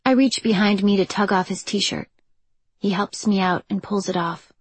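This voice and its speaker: A woman narrating a first-person romance audiobook in an expressive, breathy style. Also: medium pitch, moderate pace, no echo.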